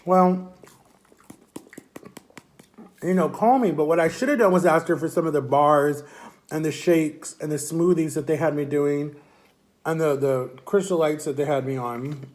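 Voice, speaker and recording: A young man with a slightly high voice tells a long personal story straight to camera. He rambles, repeats phrases and acts out what others said with lively, casual energy. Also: moderate pace. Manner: rambling, repetitive, animated retelling. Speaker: vlogger.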